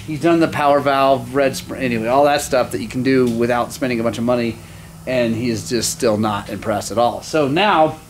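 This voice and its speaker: A man with a medium-pitched voice vlogs from his motorcycle workshop, casually walking through an engine job while a little hiss or hum sits in the background. Rambling and chuckling, he livens up whenever he slips into storytelling.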